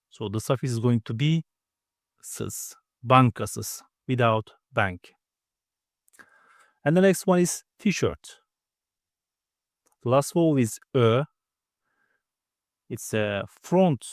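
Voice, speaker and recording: A man's voice: mid-range voice, no echo, clean studio sound. A man teaching a grammar lesson, patiently explaining step by step and sounding out each vowel himself. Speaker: language teacher. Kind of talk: slow spoken grammar lesson.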